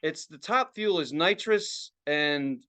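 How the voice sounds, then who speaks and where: A man co-hosting a podcast, telling a story in casual, excitable, profane chat. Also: fairly high pitch, slow pace. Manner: profane, excitable, acts out other people's reactions. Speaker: podcast co-host.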